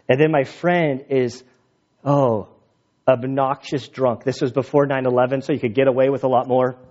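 A man's voice: on the high side, darkish tone. Chatty male pastor, lo-fi sound. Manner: casual storytelling, chatty with many "like" fillers. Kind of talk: sermon with personal testimony. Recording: dull lo-fi sound.

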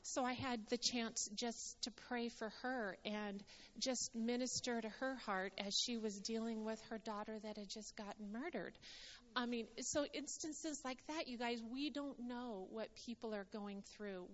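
A woman's voice: fairly high pitch, unhurried, in a large hall, dull audio, a little hiss or hum. A woman sharing a church testimony in an earnest, storytelling way, often quoting what others said. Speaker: ministry speaker sharing testimony.

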